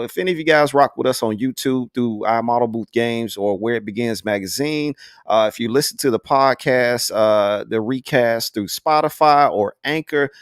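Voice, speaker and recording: A man's voice: mid-range voice, dry recording. Brief: male host of a casual video-call panel, slangy and easygoing, dry close sound. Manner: laid-back, slangy, says "man" often. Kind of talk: casual live panel hosting.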